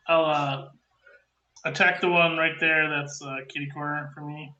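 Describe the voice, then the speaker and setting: A man playing a tabletop game, speaking haltingly between laughs. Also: a little high, little pitch movement, pushed and bright, dull audio. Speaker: player. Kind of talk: casual play at a tabletop game.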